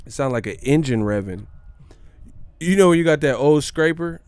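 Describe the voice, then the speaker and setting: Slangy lively man riffing on camera. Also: on the high side, normal speed, smooth, dry recording. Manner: slangy, joking, laughs often. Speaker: boxing channel host. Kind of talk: casual commentary vlog.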